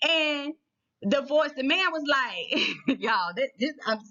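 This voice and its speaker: Animated woman telling a story, lo-fi sound. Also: sits high, slow. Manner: animated, chatty, checks in with listeners often. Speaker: vlogger. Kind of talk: casual personal storytelling.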